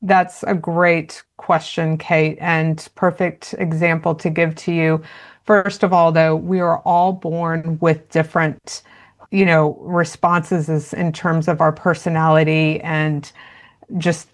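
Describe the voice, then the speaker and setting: A woman's voice: low-pitched, little pitch movement, takes it slowly. A woman speaking as a parenting expert in an interview, explaining earnestly with frequent "you know" fillers. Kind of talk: interview conversation.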